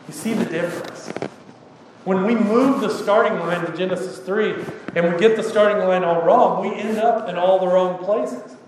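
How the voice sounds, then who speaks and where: A man's voice: high voice, fairly even intonation, moderate pace. A middle-aged man preaching a sermon as pastor, conversational, with frequent rhetorical asides. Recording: echoey hall, distant mic, faint noise.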